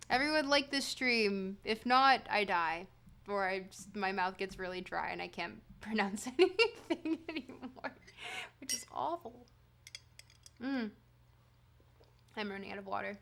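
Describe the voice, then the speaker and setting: A woman's voice: medium pitch, unhurried, creaky, fairly bright tone. A woman whose first language is French, casually chatting with her viewers and reading a text aloud on a livestream, joking and swearing freely. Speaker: streamer.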